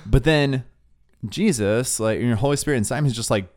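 Young male co-host, relaxed storyteller with a skater-slang manner, mid-pitched. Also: moderate pace. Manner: laid-back, says "dude" and "like" a lot. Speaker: podcast co-host. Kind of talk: casual faith talk, storytelling.

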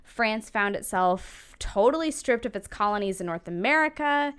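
A woman's voice: mid-range voice, animated, moderate pace, a bit bright, clear, resonant tone. A woman casually telling a history story on a podcast, laughing often and swearing freely.

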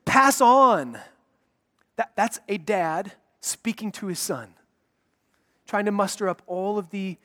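A man with a notably high voice delivers an earnest, urgent sermon, hammering home repeated phrases. His words ring out with a long reverb tail, as if in a large church hall. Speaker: pastor.

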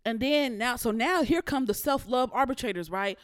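A woman's voice: fairly high pitch, moderate pace, no echo, clean studio sound. A young woman hosting a podcast, telling a personal story bluntly and with swearing, fighting back tears at times. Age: young adult. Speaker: podcast host. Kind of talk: candid personal monologue.

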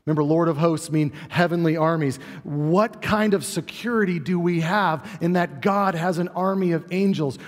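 Earnest male pastor in a reverberant church. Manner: earnest, varies pace and volume, drops low for emphasis. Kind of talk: sermon. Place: church sanctuary. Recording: long hall reverb.

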